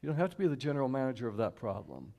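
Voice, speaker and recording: A man from Houston gives an inspirational talk to a church audience in a middle-pitched voice. He speaks conversationally, slowing down to repeat key lines and asking the audience to say them along with him. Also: big pitch swings, mellow. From Houston, Texas. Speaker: guest speaker and singer at a church service. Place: church sanctuary, live stream.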